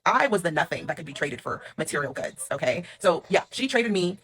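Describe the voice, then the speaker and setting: A woman telling a personal storytime to camera, rapid, emphatic and blunt. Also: lowish voice, sing-song, fairly bright tone.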